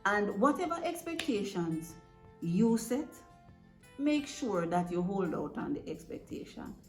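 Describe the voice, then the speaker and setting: A woman's voice: medium pitch, big pitch swings, measured pace. A woman giving earnest, direct advice to parents, often checking in with "right?". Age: adult parent. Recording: echoey room with faint music.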